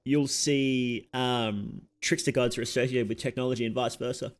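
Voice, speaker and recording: Aussie guy rambling while he plays, keeps cutting himself off, mid pitch voice. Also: steady tone, normal speed. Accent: Australian. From Australia. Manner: rambling and chatty, with self-interrupting asides. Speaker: streamer. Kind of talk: casual gameplay chat.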